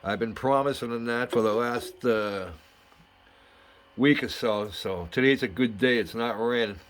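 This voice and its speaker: A middle-aged man hosting a model building vlog, telling a story in a chatty, excitable way with lots of fillers and restarts. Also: medium pitch, unhurried, clear, resonant tone. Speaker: model building channel host.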